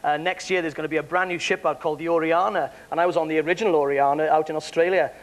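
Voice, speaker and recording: A man, a stage entertainer, telling lively anecdotes with laughter and quick bits of mimicry. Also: on the high side. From Wales. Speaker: entertainer guest. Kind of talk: chatty anecdotes with accent impressions.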